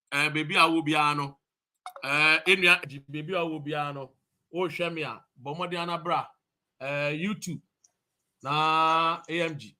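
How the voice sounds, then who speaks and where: A Ghanaian man livestreaming from a street demonstration, rousing viewers with repeated calls and shout-outs. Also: fairly high pitch. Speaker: activist streaming a demonstration. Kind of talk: live-streamed rally talk.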